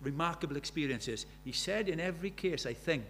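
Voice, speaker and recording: A man's voice: a little high, expressive, brisk, fairly bright tone, faint music behind. A man in his seventies preaching a sermon, pressing his congregation with earnest rhetorical questions. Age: 70s. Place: church.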